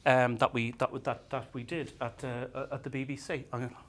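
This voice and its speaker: A man's voice: medium pitch, little pitch movement, a little fast, a bit bright, a little hiss or hum. A man performing a stand-up comedy set on a venue stage, self-deprecating, with stammering restarts and acted-out dialogue.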